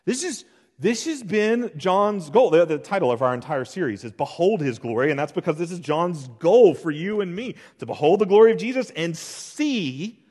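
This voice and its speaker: A male pastor in his thirties delivers an earnest sermon, his voice a touch higher than most men's. He swells to emphatic peaks and falls to hushed, quiet stretches. The sound carries a long hall reverb from a church sanctuary. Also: expressive, a little fast, hardly any pauses.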